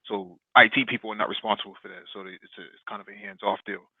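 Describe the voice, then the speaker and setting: A man with a lowish voice tells a work story in casual chat, stopping often to search for words. His audio is thin and tinny, like a phone line, with no room sound. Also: steady tone, husky, dry recording. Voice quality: halting, many fillers and restarts. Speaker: podcast guest.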